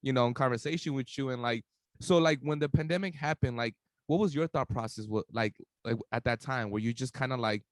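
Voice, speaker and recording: Host guy talking quick and loose, lots of "like" and "dog", dry mic. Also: mid-range voice, no echo. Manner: laid-back, slangy, quick backchannels. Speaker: podcast host. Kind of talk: casual interview chat.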